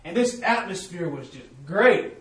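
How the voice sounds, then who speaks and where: Man, preacher, testimony sermon, fairly high voice, echoey church, heard from far off. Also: animated, a little slow. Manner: calls out to the congregation, swings between loud and hushed.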